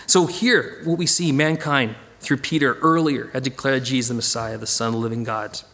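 A man teaching a casual Bible study, animated and digressive, chuckling as he goes. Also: medium pitch, moderate pace.

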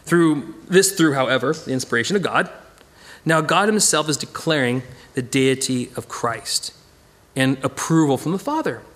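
A man teaching a casual Bible study, animated and digressive, chuckling as he goes. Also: mid-range voice, moderate pace.

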